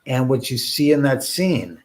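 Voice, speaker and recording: A man's voice: medium pitch, sing-song, measured pace. A man hosting a casual livestream, talking in a rambling, joking way with many restarts and asides to his viewers. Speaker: livestream host and filmmaker.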